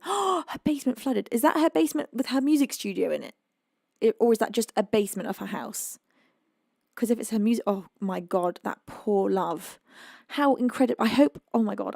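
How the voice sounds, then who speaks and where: A chatty British woman hosting a live music stream from home, reading viewers' messages aloud with frequent exclamations. Her voice carries a gravelly, creaky edge. The sound is dry and close, with little room echo. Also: medium pitch, mellow. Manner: chatty, exclaims often, reads chat aloud. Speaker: livestream music host. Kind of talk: casual chat with viewers.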